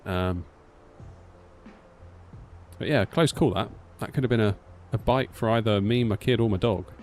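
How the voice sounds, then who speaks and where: A man's voice: on the low side, measured pace, slight background noise. Rambling British man chatting on stream. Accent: British English. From United Kingdom. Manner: rambling storyteller, animated, acts out quotes. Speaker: flight sim streamer. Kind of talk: casual live-stream chat.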